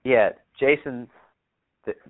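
A man's voice: medium pitch, takes it slowly, no echo. A man telling a story as a podcast guest, rambling, with many fillers and casual swearing. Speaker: podcast guest, bow hunter. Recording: tinny phone-like remote line.

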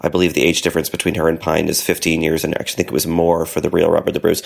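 Low gravelly man chatting casually. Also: completely flat delivery, very fast. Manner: chatty, laughs easily, many fillers. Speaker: podcast co-host. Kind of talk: casual chat.

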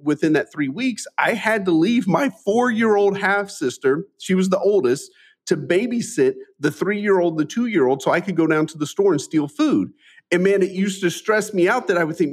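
A man's voice: sits high, normal speed. Earnest man in his forties telling his story. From Midwestern US. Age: 40s. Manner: earnest and animated, with frequent restarts and "man". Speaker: guest. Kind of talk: candid storytelling in a conversational interview.

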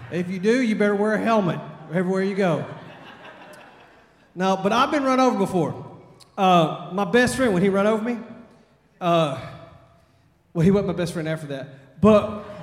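A man from Texas, preaching at a revival and telling a folksy, animated story. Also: high-pitched. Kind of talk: storytelling sermon. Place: church sanctuary. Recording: long church reverb.

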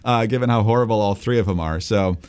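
A man's voice: fairly low pitch, quick pace, darkish tone, clean tone. A man co-hosting a political podcast, commenting in a wry, dismissive way and reading the show's sign-off. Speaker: podcast co-host.

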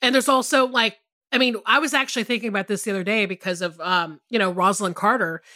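A woman co-hosting a podcast in casual, animated chat, swearing freely and often restarting her sentences. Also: medium pitch, quick pace, no room sound, studio quality. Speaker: podcast co-host.

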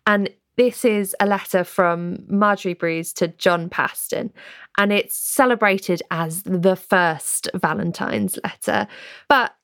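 A woman's voice: medium pitch, slow, fairly bright tone, no room sound, clean studio sound. A woman interviewer asking engaged, inquisitive questions of a guest.

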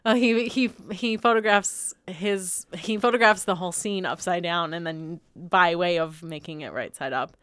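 A woman co-hosting a podcast in casual chat, chatty and quick to laugh. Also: fairly low pitch, a bit bright, clear, resonant tone, no echo. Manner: chatty, laughs often, lots of fillers. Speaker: podcast co-host. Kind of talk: casual chat about art.

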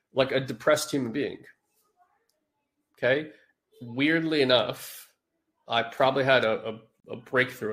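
A man with a medium-pitched, slightly bright voice hosts a podcast, rambling casually to his live chat audience. A cold leaves him sounding nasal, and his informal talk is peppered with fillers.

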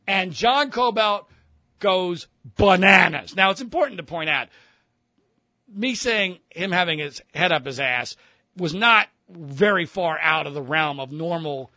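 Animated, bright-voiced man telling a story. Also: a little high, no echo. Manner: animated, profane, mimics others mid-story. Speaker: radio host telling a story. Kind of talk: casual storytelling.

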